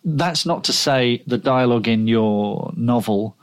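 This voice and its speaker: A man's voice: mid-range voice, a little slow. A man, co-hosting a podcast and reflecting in casual conversation, often restarting his sentences. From England. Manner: reflective, with frequent restarts and fillers. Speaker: podcast co-host and writer.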